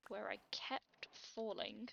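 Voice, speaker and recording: A woman's voice: medium pitch, fairly even intonation, slow, creaky, fairly bright tone, muffled recording, slight background noise. A British woman giving chatty, self-deprecating gameplay commentary as she plays, talking to herself. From Britain. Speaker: Let's Play creator.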